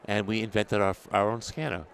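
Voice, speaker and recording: This older New York dental technology editor has a lowish, gravelly voice and a brisk delivery. In a casual interview he's an animated storyteller, acting out quoted exchanges and laughing often, with slight background noise from a faintly audible trade show.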